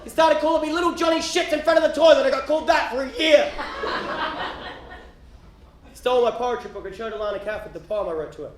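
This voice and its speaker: An Australian man doing live stand-up comedy, profane and incredulous, often shouting to the audience. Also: very high-pitched, fast talker, long pauses. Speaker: stand-up storyteller. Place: stage before a live audience. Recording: roomy live venue, loud crowd noise.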